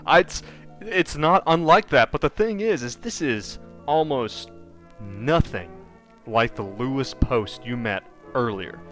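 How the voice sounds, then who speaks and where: A man acting as game master narrates a horror tabletop game in a halting way, full of fillers, often dropping to a hush. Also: mid-range voice, animated, faint music behind.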